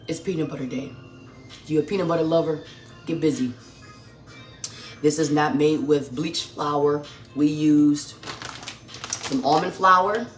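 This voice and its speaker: Effusive home-kitchen cooking host chatting to a live audience, even mid-range voice, roomy echo, faint music behind. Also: medium pitch. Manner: effusive, chatty, addresses viewers as y'all, talks with mouth full. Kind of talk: casual live-stream chat while tasting food.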